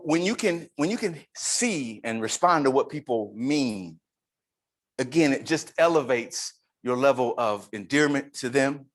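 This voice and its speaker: A man addresses a conference audience on leadership. His pitch rises and falls widely as he leans on key words and jokes with the listeners. His voice sits in a middle register. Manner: animated, emphatic, playful with the crowd. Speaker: conference speaker. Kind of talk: live leadership talk to an audience. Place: conference room.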